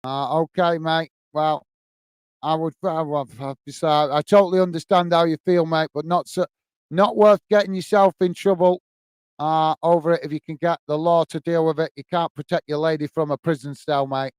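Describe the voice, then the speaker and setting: A man with a fairly high, fairly even voice speaks at normal speed, smooth and in a dry recording. He's a football channel host on a live stream, casually chatting, reading viewer comments, often calling people "mate," with many fillers and restarts.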